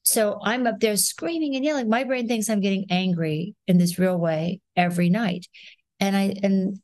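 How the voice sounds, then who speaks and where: A woman in her sixties, an actress, talking as a guest in a podcast interview, telling stories in an animated way and acting out rhythms and sounds. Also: medium pitch, normal speed, dry recording. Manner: animated storyteller, acts out rhythms and voices.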